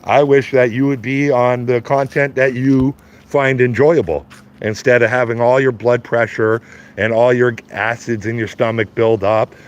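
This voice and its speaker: A man's voice: mid-range voice, steady tone, normal speed. A Canadian man in his fifties ranting on a live stream, blunt and profane, mocking his critics and laughing at his own jokes. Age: 50s. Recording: slightly dull lo-fi stream audio.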